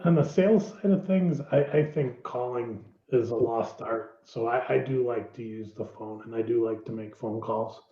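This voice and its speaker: A man's voice: mid-range voice, moderate pace, hardly any pauses, dark tone, reverberant, highs cut off. A man in sales, a guest on a webinar, answering casually on a video call and often stumbling over repeated words.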